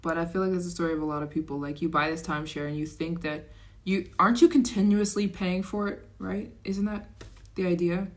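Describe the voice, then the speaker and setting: A young livestream host with a somewhat low voice chats briskly and casually on her channel. She reacts to comments in real time, turning excited and animated.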